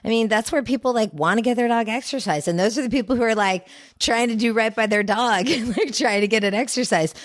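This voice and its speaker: A woman's voice: on the high side, brisk, few pauses, dry recording, studio quality. A woman dog trainer chatting as a podcast guest, telling stories with lots of "like" and acting out what people say. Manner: animated storyteller, acts out voices, lots of "like". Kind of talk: casual podcast chat.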